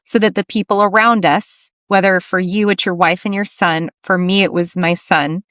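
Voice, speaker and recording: A woman's voice: medium pitch, fairly even intonation, normal speed, fairly bright tone, no echo, clean studio sound. A middle-aged woman hosting a podcast interview, talking earnestly and telling stories with quoted dialogue. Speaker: podcast host. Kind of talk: casual interview chat.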